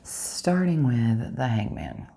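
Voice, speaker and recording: Woman tarot reader, low voice, earnest preachy direct-to-viewer delivery, faint hiss behind. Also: animated, takes it slowly, gravelly, dark tone. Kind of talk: spiritual tarot reading to viewers.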